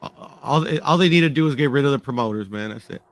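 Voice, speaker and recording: A man's voice: mid-range voice, expressive, fast talker, no room sound. A man chatting casually in a group call, laid-back and swearing.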